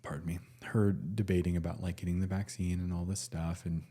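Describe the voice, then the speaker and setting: A man, a nurse, telling a personal story in a casual, halting way with many fillers and restarts. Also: deep voice, flat delivery, dark tone.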